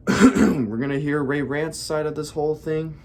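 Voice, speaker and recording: A man's voice: on the high side, measured pace, darkish tone. A man hosting a reaction video who loosely recaps the situation to viewers in a casual, profane way. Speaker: reaction channel host.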